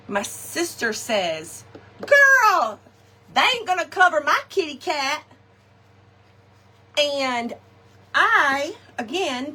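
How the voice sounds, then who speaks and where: Lively woman telling stories. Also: fairly high pitch, slightly rough. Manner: animated, laughing often, folksy slang, talks to viewers directly. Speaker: craft shop host. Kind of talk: live crafting chat with storytelling.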